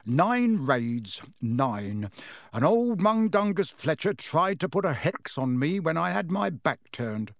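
A man's voice: fairly high pitch, very animated, takes it slowly, gravelly, dry recording, full character voice. A mild, worn-out wizard father, as a man reads him aloud, mumbling through his tea and stammering when cornered. The voice rises and falls a lot, dry and close. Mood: weary. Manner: weary, mumbling, then flustered and stammering. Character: tired, mild middle-aged male wizard father.

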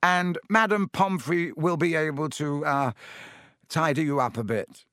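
A man's voice: fairly high pitch, measured pace, fairly bright tone, dry recording, studio quality, voice pushed up. A man voicing a vain, showy wizard teacher who talks in an airy, smug, dismissive way. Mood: airily dismissive.

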